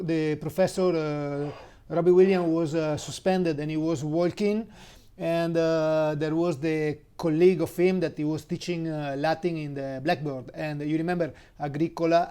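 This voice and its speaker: An Italian-accented man leads a casual language lesson in a fairly high but soft, mellow voice. He talks slowly, with plenty of fillers and restarts, and spells words out letter by letter. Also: clear, resonant tone. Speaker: Italian teacher.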